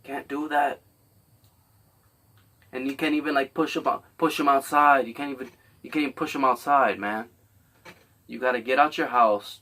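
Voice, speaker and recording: A man's voice: mid-range voice, bright, forceful tone, distant mic. A man hosting a podcast, delivering a rambling, blunt, profane comedic monologue. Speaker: podcast host.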